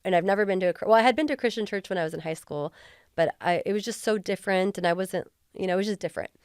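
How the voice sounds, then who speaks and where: Speaking very fast in a mid-range voice that's a little mellow, clear and resonant with no echo, a woman formerly in the police guests on an interview podcast. She's candid, earnest and heartfelt, with plenty of casual fillers, recorded on a close mic.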